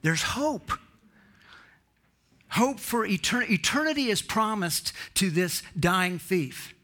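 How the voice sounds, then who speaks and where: A man's voice: high-pitched, lively intonation, slow pace, bright, forceful tone. A man preaching a sermon in an earnest, emphatic way, lifting his voice on key points.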